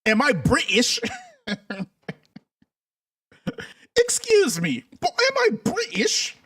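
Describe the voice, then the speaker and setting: A man's voice: very high voice, huge pitch swings, drawn-out words, pitched above the performer's own voice, full character voice. A man putting on a mock posh British accent to play a haughty, prissy Englishman.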